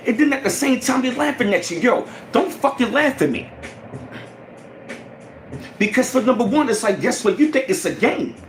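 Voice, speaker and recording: A man ranting casually to his livestream viewers, animated and profane, repeating himself as he goes. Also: high voice, echoey room, slight background noise. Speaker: channel host.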